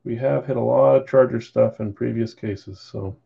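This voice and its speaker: A man's voice: mid-range voice, fairly even intonation, normal speed, vocal fry, slightly rough. A man hosting a live card break stream, chatting casually while calling out bids and sales. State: yawning, tired. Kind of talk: live-stream auction chat. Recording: slightly dull lo-fi stream audio.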